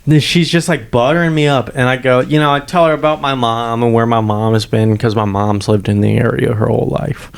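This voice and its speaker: A man co-hosting a casual podcast, a stand-up comic with a middle-pitched voice. He tells his stories with plenty of swearing and laughter. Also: steady tone, fairly quick, gravelly, few pauses, smooth. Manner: laughing, profane storytelling. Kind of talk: casual chat.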